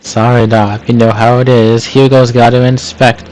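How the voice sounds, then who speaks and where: A man playing a sheepish, apologetic cartoon sidekick who speaks softly and meekly. It is an amateur script read-aloud. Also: mid-range voice, level tone, moderate pace, slight background noise, natural voice, low-quality recording. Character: meek, apologetic male sidekick.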